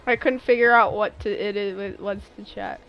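A woman's voice: mid-range voice, normal speed, muffled recording. A young woman streaming a video game live, chatting with viewers and breaking into exasperated outbursts as she plays. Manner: expressive, exasperated outbursts while playing. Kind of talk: casual live game commentary.

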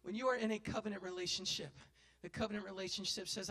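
A male pastor preaching a sermon in a folksy way, building to loud impassioned cries. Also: high-pitched, steady tone, quick pace, vocal fry.

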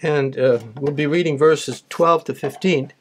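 Male preacher, pitch a touch high, reads verses then explains them plainly. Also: steady tone, a little slow, slight background noise. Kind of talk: sermon with scripture reading.

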